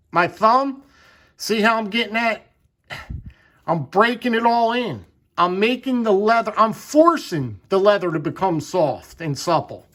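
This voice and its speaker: A man with a rather high voice walks through a hands-on demonstration. His talk is folksy and unpolished, and he says words twice or three times to drive a point home. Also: a bit bright. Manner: folksy, repeats words for emphasis. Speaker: knife channel host.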